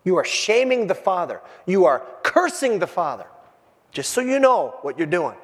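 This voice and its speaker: A man's voice: sits high, normal speed. A pastor preaching a sermon in a church, acting out the voices in the passage he reads. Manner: animated, acts out the quoted voices. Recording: hall reverb.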